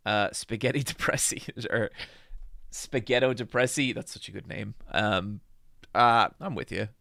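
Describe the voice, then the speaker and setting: A man's voice: lowish voice, measured pace, vocal fry, sharp tone, dry recording, studio quality. A young Irish man with a slightly American-tinged accent, chatting casually on a live stream, rambling with ums and restarts. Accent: Irish with American influence. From Ireland. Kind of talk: casual live-stream chat reading comments.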